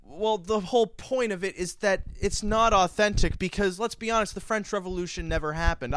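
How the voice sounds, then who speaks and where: A man's voice: sits high, a bit bright, no room sound. A man hosting a racing podcast, asking the panel questions and throwing in wordy jokes and asides. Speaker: podcast host. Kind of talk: casual handicapping chat.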